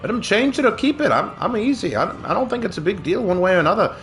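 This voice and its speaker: A man's voice: high-pitched, very animated, quick pace, fairly bright tone, faint music behind. A game streamer, a man, chatting through his matches in a hammy put-on British accent full of mock slang. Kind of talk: gaming livestream commentary.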